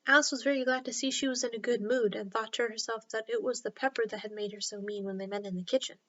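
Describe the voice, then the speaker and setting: A woman storyteller narrating a classic children's book in a gentle, steady read-aloud style. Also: fairly high pitch, quick pace, no echo, highs cut off.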